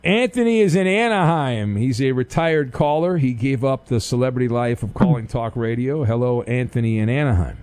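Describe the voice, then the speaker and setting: A man hosting a call-in sports radio show, answering callers in a deadpan, sarcastic way. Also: mid-range voice, moderate pace, few pauses, dry recording. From Orange County, California. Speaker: radio host.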